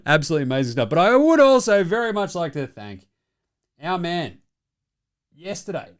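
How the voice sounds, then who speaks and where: A man's voice: high-pitched, very animated, moderate pace, no room sound, studio quality. A young adult man with an Australian accent hosting a casual basketball commentary show, mocking and swearing freely with frequent chuckles. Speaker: basketball podcast host.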